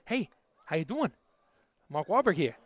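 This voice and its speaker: A chatty, swaggering movie star, as a man puts him on, tossing out friendly questions. The voice sits a touch high and pushes forward. The sound is close and dry. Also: big pitch swings, normal speed, no room sound. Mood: chummy. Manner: casual, chummy, rhetorical questions. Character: brash Boston-accented male movie star, chatty.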